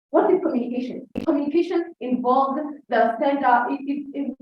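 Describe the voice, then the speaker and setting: A woman's voice: fairly high pitch, slight background noise. A young woman with a Kenyan English accent gives an oratorical prepared speech as a debate speaker, repeatedly addressing her audience. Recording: distant dull mic in very echoey hall.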